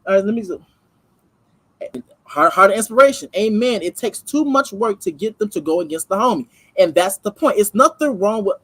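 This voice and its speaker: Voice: medium pitch, breathy edge, no echo, low-quality recording. A channel host giving casual, emphatic reaction commentary, full of slang and asides to viewers.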